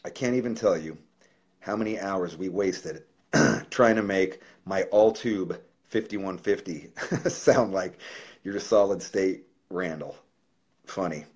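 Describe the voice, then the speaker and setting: Deep-voiced man, loose and profane. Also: slow, darkish tone, slightly rough. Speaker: musician on a livestream. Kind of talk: casual livestream talk and letter reading.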